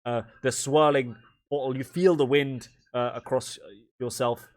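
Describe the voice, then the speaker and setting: A man's voice: medium pitch, fairly even intonation, measured pace, a little mellow. A man narrating a tabletop game as game master, in a rambling, casual way full of fillers.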